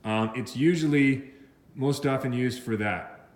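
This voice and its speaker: A male teacher walks through a vocabulary word at an unhurried pace, circling back with fillers and restarts. His voice sits at a middle pitch and carries a noticeable echo, as if recorded in a bare room. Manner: explains slowly with many fillers and restarts, mixing in Spanish words. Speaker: English teacher.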